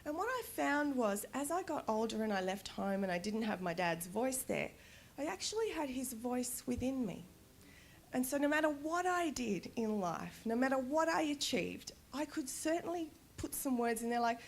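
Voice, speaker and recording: Animated woman telling stories. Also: a little high, normal speed, slight background noise. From Australia. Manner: animated, laughs often, candid. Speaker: conference speaker. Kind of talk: personal storytelling talk. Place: conference stage.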